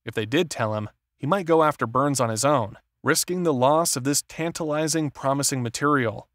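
A man's voice: mid-range voice, dry recording. Dry-voiced male audiobook narrator. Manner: steady, measured reading. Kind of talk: scripted narration.

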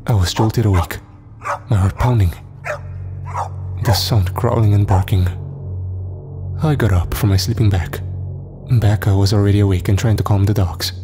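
A man narrating a horror story in a measured, dramatic, scripted style. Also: on the low side, fairly even intonation, mellow. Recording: long reverb, faint music.

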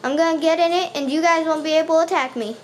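A woman's voice: very high-pitched, steady tone, fast, slight background noise. A woman playing a video game and commentating it, often panicking and repeating words in bursts as she talks back to the enemies. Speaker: gaming channel host. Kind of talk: let's play commentary.

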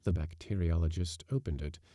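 A man reading a classic short story aloud with expressive, dramatic delivery. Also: low voice, fairly quick, dry recording, studio quality.

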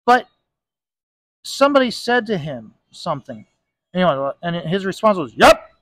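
A man's voice: high voice, big pitch swings, normal speed, a bit bright, no echo. A man ranting in a casual vlog recorded in a bar, stressing his points with "okay?" again and again. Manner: ranting, emphatic, repeats "okay?". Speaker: comic book inker and video host.

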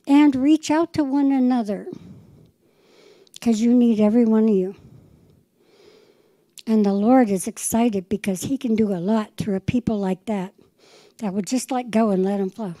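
A woman's voice: fairly high pitch, moderate pace, long pauses, mellow, no echo, poor audio. A middle-aged woman pastor preaching a fervent sermon, acting out conversations with the Lord. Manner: fervent, quotes the Lord in dialogue.

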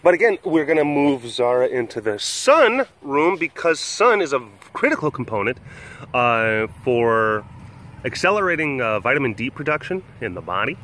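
Playful, lively man rambling casually. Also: medium pitch, normal speed. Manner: playful, rambling, baby-talks to animals. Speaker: sanctuary keeper and vlog host. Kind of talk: casual vlog chat.

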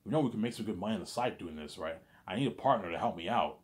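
A man's voice: low voice, expressive, rapid-fire. A man voicing a young male coworker, a persuasive hacker who speaks in a coaxing, reassuring way.

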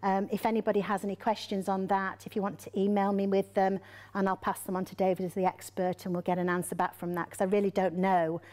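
A woman's voice: mid-range voice, level tone, quick pace, darkish tone. A woman giving an informal presentation to local businesses, chatty, with many ums and restarts.

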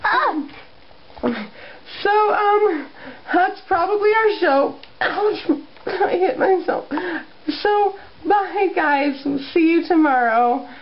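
A woman's voice: very high-pitched, slow, slight background noise. A woman hosting a doll play video, chatting and giggling as she narrates the scenes. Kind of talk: playing with dolls and narrating. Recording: dull home video recording.

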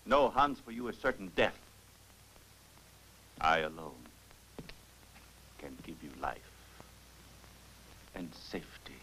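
An actor in a dubbed film playing a sinister doctor who speaks smoothly and calmly while making threats. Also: male voice, sits low, slow, long pauses, slight background noise, exaggerated voice, rough recording. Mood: menacing. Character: menacing male doctor, possessive and sinister. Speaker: doctor attending the professor.

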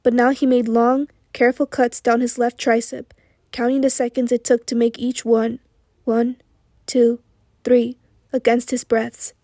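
A woman with a hoarse voice reading an audiobook in a slow, steady, sombre way. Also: on the high side, dry recording, clean studio sound. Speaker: audiobook narrator. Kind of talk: audiobook narration.

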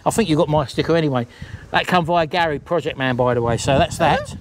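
A man's voice: a little high, fast, a little hiss or hum. A middle-aged man, chatting casually to camera at home, jokey and rambling. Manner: chatty, rambling, jokey, calls wife baby. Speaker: vlogger host.

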